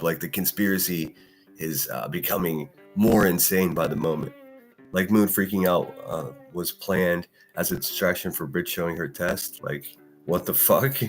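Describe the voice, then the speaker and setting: A man with a very low voice, cursing and ranting as he hosts a solo podcast stream. He talks heatedly and answers viewers' chat comments between tirades. Soft guitar music plays quietly underneath. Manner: profane, heated, combative. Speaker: live-stream podcast host.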